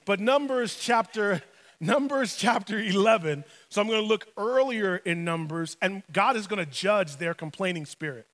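Animated, funny male preacher, high voice, long hall reverb. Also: normal speed. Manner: animated, humorous storytelling preacher. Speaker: pastor. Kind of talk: sermon.

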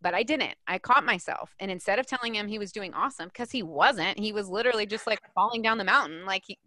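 A woman's voice: mid-range voice, bright, forceful tone, dry recording. Woman in her thirties, podcast guest, emphatic, filler-heavy, dry close sound. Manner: emphatic, fast-flowing, frequent "like" fillers. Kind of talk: podcast conversation.

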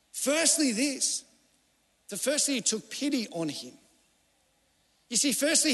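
A man's voice: extremely high pitch, sharp tone. A middle-aged man, a pastor preaching a sermon in a conversational, storytelling way, acting out the people he quotes. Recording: long hall reverb.

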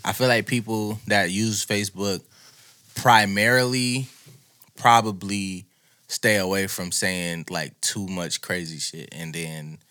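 A man's voice: low voice, steady tone, slow pace, sharp tone. A man co-hosting a casual podcast chat, talking loosely and profanely, rambling through his points.

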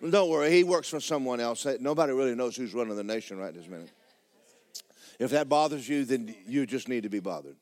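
A middle-aged male pastor, preaching a sermon in a folksy storytelling way that climbs into shouts. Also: mid-range voice, animated, brisk.

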